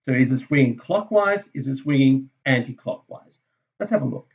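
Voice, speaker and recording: A man's voice: medium pitch, expressive, moderate pace, dull audio. A man teaching a maths lesson over a screen recording, thinking aloud in a casual way and correcting himself as he goes.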